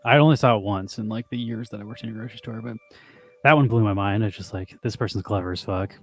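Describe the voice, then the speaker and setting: A man's voice: on the low side, soft background music. A young man co-hosting a casual podcast, telling grocery store stories with plenty of swearing. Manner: swearing, rapid storytelling. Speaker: podcast co-host. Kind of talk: casual chat.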